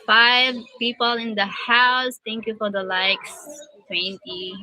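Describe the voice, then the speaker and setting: Woman, slow emotional livestream chat, bright tone, thanks viewers. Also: fairly high pitch, no echo, soft background music, low-quality recording. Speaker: livestream host.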